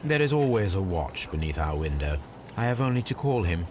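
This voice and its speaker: An actor playing a calm, sardonic male detective, speaking in a dry, measured way. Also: deep voice, noisy background.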